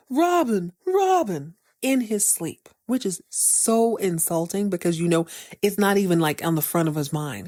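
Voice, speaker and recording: A woman hosts a podcast, recapping a TV episode in a casual, playful way full of slangy jokes and asides. Her mid-range voice has a darkish tone, captured in a dry, studio-quality recording.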